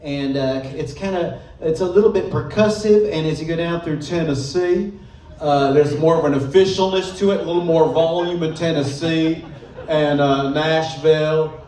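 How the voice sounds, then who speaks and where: A man doing a live stand-up set, talking in a hesitant, halting way full of ums, sometimes slipping into quick mock accents. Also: a little high, steady tone, darkish tone. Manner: jumps into brief mock regional accents. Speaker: stand-up comedian. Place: live club stage. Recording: roomy club audio from far off. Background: audience laughter.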